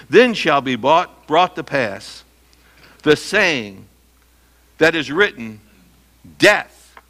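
A middle-aged pastor with a sharp, high-leaning voice preaches a sermon emphatically. He quizzes the congregation with questions and then answers them himself.

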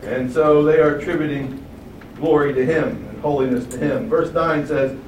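A man preaching a sermon, asking rhetorical questions and booming out quoted acclamations. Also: fairly even intonation, moderate pace, echoey room, recorded from a distance, highs cut off, slight background noise.

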